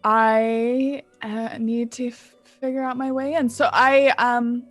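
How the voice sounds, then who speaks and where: Woman, tabletop player, slightly high voice, hesitant, faint music behind. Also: flat delivery, takes it slowly. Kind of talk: tabletop role-play.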